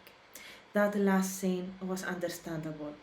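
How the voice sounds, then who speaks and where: A woman's voice: lowish voice, fairly even intonation, moderate pace, a little mellow, roomy sound. A woman hosting a reaction video, talking emotionally and hesitantly, searching for words. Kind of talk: casual reaction commentary.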